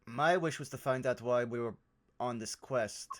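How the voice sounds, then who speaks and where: A man playing a tabletop game, chatting casually and describing what his character does. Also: mid-range voice. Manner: quick reactions, describes his character's actions. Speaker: player.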